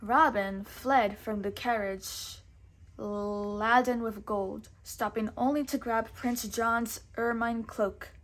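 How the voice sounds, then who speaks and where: A woman teacher reads a storybook aloud at a slow, careful pace. Her voice sits a bit high, and she gives each sentence room. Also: fairly even intonation, fairly bright tone.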